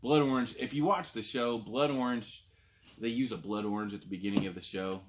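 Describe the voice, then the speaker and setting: A man's voice: medium pitch, steady tone, fairly quick, background noise. A man hosting his own food review vlog, talking casually and rambling with lots of fillers. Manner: chatty and rambling, frequent fillers. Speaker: food review show host.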